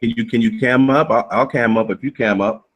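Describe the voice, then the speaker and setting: A man in an online voice chat who talks in a slow, teasing drawl. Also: mid-range voice. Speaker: debate participant.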